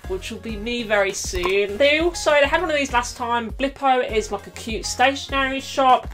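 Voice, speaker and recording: With a slightly high, somewhat bright voice, this young British adult vlogs her way through an unboxing. She's bubbly and pokes fun at herself in a casual chat, a little breathless as she goes.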